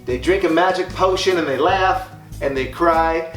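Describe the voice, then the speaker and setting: A hypnotist hosts a casual reaction video, speaking at a fairly high pitch and normal speed. He's upbeat, explains things as he goes and laughs often. The room is echoey, with music playing underneath.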